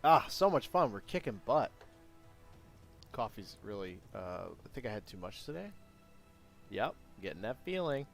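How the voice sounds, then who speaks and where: Man, game developer, casual live-stream chat, rambling self-talk, lowish voice, faint background music. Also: measured pace, gravelly, long pauses. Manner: rambling, self-talk with sudden excited outbursts.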